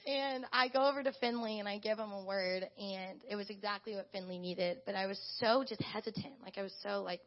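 A young woman gives a chatty, animated testimony to her church, leaning on "like" as she talks. Her voice has a steady gravelly fry. The sound is dull and lo-fi. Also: mid-range voice, a little fast, hardly any pauses. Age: young adult. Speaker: church intern. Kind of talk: casual spoken testimony to a congregation.

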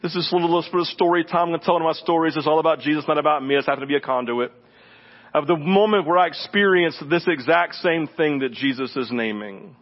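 A man's voice: fairly high pitch, quick pace. Conversational male pastor telling a story. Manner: conversational, animated retelling with asides to the congregation. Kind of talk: storytelling sermon. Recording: dull lo-fi sermon recording.

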